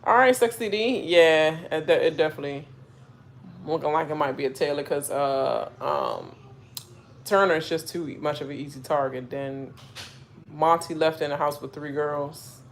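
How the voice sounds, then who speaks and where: Chatty streamer woman with a gravelly voice. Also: deep voice, animated, normal speed. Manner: chatty, rambling with many fillers and asides. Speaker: reaction streamer. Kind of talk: casual live reaction chat. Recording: faint background noise.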